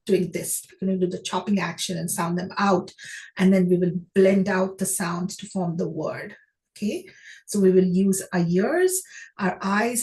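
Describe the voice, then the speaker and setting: A woman's voice: mid-range voice, darkish tone, poor audio. A woman teaching a phonics lesson, who asks her class questions and praises each answer.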